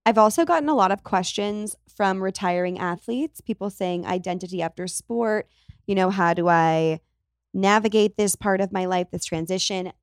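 A woman's voice: mid-range voice, moderate pace, no room sound, studio quality. A young woman in her twenties hosting a casual solo podcast, chatty and rambling, often correcting herself mid-sentence. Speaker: podcast host.

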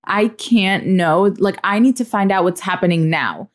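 Halting young woman co-host. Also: mid-range voice. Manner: laid-back, halting, trails off. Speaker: podcast co-host. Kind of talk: casual chat.

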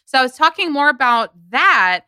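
A woman's voice: high voice, big pitch swings, normal speed, bright, forceful tone, dry recording. A woman hosting a podcast, chatting casually and animatedly, telling stories with quoted asides. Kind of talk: casual gossip chat.

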